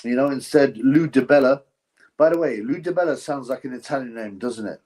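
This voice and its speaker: A man of ordinary pitch talks through a live boxing stream in a blunt, ranting way, with chuckling asides. He reacts off the cuff and stops to thank viewers for donations. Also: fairly quick, a little mellow. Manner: reads viewer donations aloud. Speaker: livestream host.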